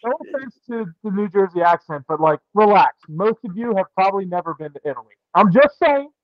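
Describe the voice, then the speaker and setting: High-voiced young man, lively podcast chat. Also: a little fast, dry recording. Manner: animated, jokey storyteller. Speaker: podcast co-host. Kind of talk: casual chat. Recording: dull, lo-fi dry sound.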